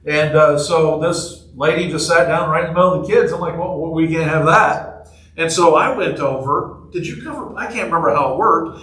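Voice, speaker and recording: A man's fairly high, bright, forceful voice moves a little fast as he preaches to his congregation. This pastor keeps the sermon casual and joking, telling stories and quizzing the people in the pews. He sounds distant in an echoey sanctuary, and there is slight background noise.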